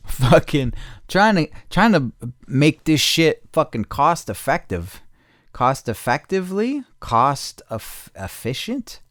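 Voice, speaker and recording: A man hosting a casual solo podcast, rambling and profane, correcting himself mid-sentence and jumping into loud excited bursts. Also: on the high side, no echo, clean studio sound. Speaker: podcast host.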